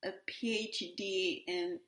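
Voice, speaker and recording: A woman's voice: on the low side, fairly even intonation, slow, a bit bright, roomy sound. A woman in her forties hosting a solo podcast in a casual, rambling way, with many fillers and restarts. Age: 40s. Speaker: podcast host.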